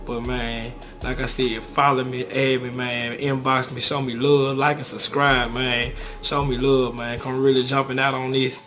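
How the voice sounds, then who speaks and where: A man's voice: mid-range voice, flat delivery, normal speed, few pauses, fairly bright tone, soft background music. A man with a Southern country accent giving casual fan commentary on his vlog, laid-back and dropping "man" into nearly every phrase. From southern United States. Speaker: sports fan vlogger.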